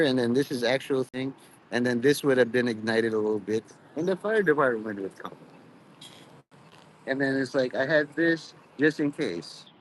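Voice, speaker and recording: A man's voice: medium pitch, low-quality recording. A man with an ordinary mid-range voice rambles through a loose, stream-of-consciousness monologue. He swears casually, leans on "you know" constantly and slips into half-mocking sermon tones, with faint noise in the background. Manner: meandering, profane, peppered with "you know"; mock preachy, drifts into quoted voices.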